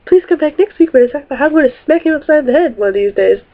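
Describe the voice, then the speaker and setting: A young woman vlogger telling a story about her boyfriend in a chatty, animated way, with some swearing. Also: sits high, very fast. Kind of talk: storytime vlog. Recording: tinny phone-like audio.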